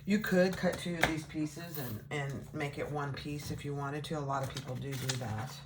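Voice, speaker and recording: A woman giving a casual sewing tutorial, relaxed and chatty, thinking aloud as she works. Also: sits low, normal speed, background noise. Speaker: sewing instructor.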